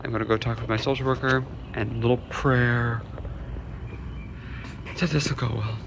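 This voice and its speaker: Background noise surrounds a twentysomething man vlogging to his phone as he moves between his car and stores, speaking frankly, swearing, and alternating between jokes and frustration. His mid-range voice has fairly even intonation and normal speed.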